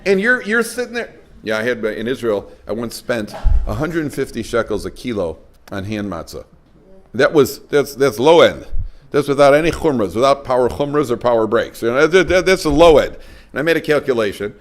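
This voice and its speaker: Man, rabbi lecturing a crowd, lively storyteller, joking asides, mid pitch. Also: a little fast. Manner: storytelling, animated, acts out quoted voices; warm, joking with listeners. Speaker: rabbi giving a parenting talk. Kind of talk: lecture to a live audience.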